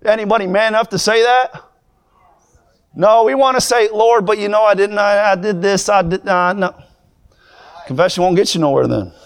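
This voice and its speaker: A young man preaching a sermon, moving from plain talk to fervent, shouted preaching. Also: high-pitched, moderate pace, long pauses, clean tone.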